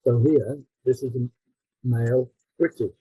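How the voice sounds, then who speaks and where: Husky, dark-voiced man giving a talk. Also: medium pitch, unhurried, no echo, low-quality recording. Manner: relaxed explaining with fillers and self-corrections. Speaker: textbook author presenting. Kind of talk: conference presentation.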